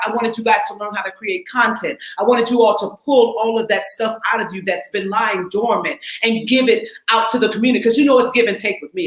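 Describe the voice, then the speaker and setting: A woman in her forties from the Twin Cities, an actress and acting coach, talking casually and emphatically, sometimes laughing and rising into shouts. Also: medium pitch, roomy sound, rough recording. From Twin Cities, Minnesota. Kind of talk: casual heartfelt talk.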